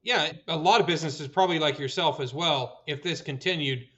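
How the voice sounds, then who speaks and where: A man's voice: a little high, fairly quick, a bit bright. A man hosting a casual podcast chat who sounds earnest and agreeable and often chimes in while his guest talks. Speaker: podcast host. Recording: dull lo-fi audio.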